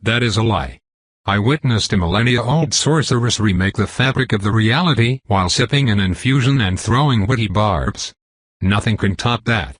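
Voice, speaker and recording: Male audiobook narrator, low husky voice, measured storytelling, dry close recording. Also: lively intonation, no echo. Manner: measured, first-person storytelling. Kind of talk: reading a web novel aloud.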